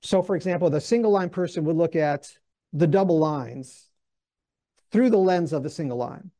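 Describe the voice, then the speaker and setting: A man teaching through a Bible book in a lively, conversational way, acting out the voices he quotes. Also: a little high, normal speed. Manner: animated, acts out quoted voices; conversational with restarts.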